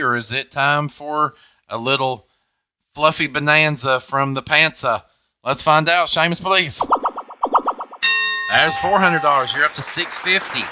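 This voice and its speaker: A man's voice: mid-range voice, sharp tone. A man hosting a game show, with upbeat, jokey patter.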